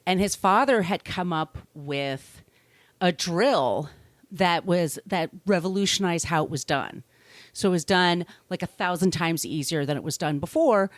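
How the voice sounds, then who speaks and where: A middle-aged woman with a somewhat low voice tells a story on a podcast, casual and salty. She stops and restarts her sentences as she goes. The sound is dry and close, with no room around it. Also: measured pace, dry recording. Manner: chatty, profane, restarts mid-sentence. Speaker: podcast co-host telling the story.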